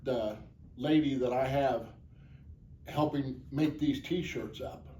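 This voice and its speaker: Earnest man with a mellow voice. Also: mid-range voice, slow, far from the mic. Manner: earnest, plainspoken, rambling. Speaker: charity motorcycle ride organizer. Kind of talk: interview answers. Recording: echoey, off-mic, faint background noise.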